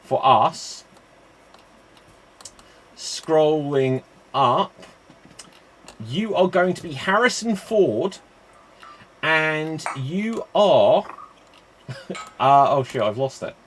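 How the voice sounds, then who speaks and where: Man, improv show host, chatty, rambling, slightly raised pitch. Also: expressive, extremely slow, long pauses, fairly bright tone. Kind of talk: live-streamed improv hosting.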